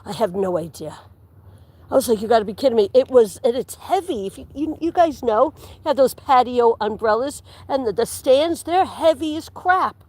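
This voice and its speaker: A woman with a somewhat high voice talks on a livestream as she walks outdoors through the woods. She chats casually with her viewers and rambles from one story to the next. She laughs easily and sometimes drops to a whisper. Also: animated, moderate pace, darkish tone, dry recording. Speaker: livestream host. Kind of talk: casual chat while walking outdoors.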